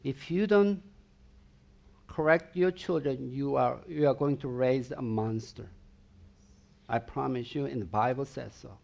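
Slow gravelly preacher man. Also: mid-range voice, a little mellow, dull audio. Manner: emphatic preaching with repeated rhetorical questions to the congregation. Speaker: pastor. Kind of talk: sermon.

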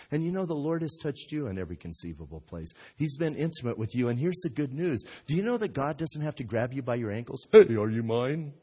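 A middle-aged male pastor with a husky, slightly breathy voice, preaching a sermon in a folksy, storytelling way. He acts out characters with sudden jumps in pitch and loudness, and his voice sits in an ordinary middle register. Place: church.

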